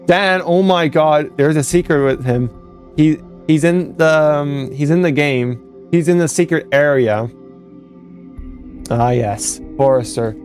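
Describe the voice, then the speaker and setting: A man's voice: on the high side, a little slow, darkish tone, soft background music. A young man, a fan game developer, casually commenting over footage, rambling and correcting himself as he goes. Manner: rambling, self-correcting, laughs at own jokes.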